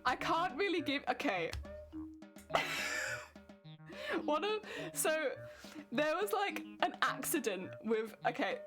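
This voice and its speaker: A young British woman chatting casually with her stream viewers from home, chatty and quick to laugh. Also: high voice, big pitch swings. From Britain. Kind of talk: casual chat with stream viewers while crafting. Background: faint music.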